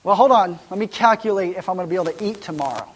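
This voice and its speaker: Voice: medium pitch, very fast, a little hiss or hum, close to an everyday voice, poor audio. A preacher playing a small boy who thinks aloud about whether he can give his lunch away, in a musing, half-joking way. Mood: calculating.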